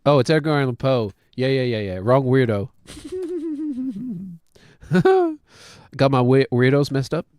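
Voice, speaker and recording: Casual New Zealand streamer in his thirties, unhurried delivery, dry close mic, chatty self-mocking humor. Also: medium pitch, big pitch swings, a little mellow, smooth, no echo. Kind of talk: casual game commentary.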